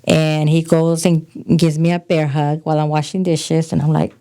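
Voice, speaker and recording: A middle-aged woman from California, a podcast guest telling frank, animated stories about her past in casual conversation. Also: low-pitched, normal speed. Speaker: podcast guest, host's mother. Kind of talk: casual storytelling chat.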